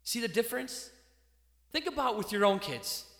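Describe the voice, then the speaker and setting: A man preaching a sermon, a father, animated, swinging from loud emphasis to quiet asides. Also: very high voice, moderate pace. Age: adult parent. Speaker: pastor. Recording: echoey hall.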